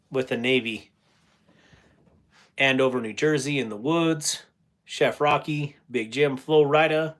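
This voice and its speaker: A man's voice: medium pitch, fairly bright tone. A middle-aged man chatting casually on a livestream, reading viewer comments aloud and laughing often. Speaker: livestream host.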